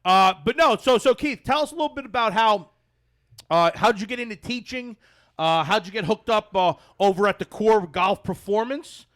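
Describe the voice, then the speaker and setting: A man from New Jersey hosting a podcast in a studio, talking in an excitable, rambling way and bossing his crew around. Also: high voice, moderate pace. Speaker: podcast host. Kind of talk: casual podcast chat.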